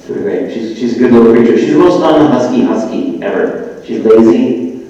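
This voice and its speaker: Man with a mellow voice in an echoey hall. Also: mid-range voice, normal speed. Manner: rambling, many "like" fillers and restarts. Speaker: panel guest. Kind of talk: casual live panel chat. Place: live festival stage in a large hall. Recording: echoey hall, far from the mic, lo-fi.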